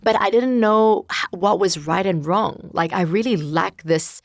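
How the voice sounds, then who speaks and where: A woman's voice: mid-range voice, a little slow, creaky, dry recording, clean studio sound. A woman in her thirties, a guest in an interview, talking candidly and searchingly about her life with many filler words. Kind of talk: reflective personal conversation.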